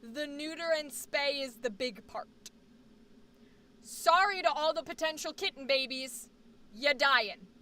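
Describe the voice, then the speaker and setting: A woman's voice: high voice, measured pace. A woman streamer and actor chatting casually and rambling jokily to her viewers. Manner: animated, rambling, jokey. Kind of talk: casual live-stream chat.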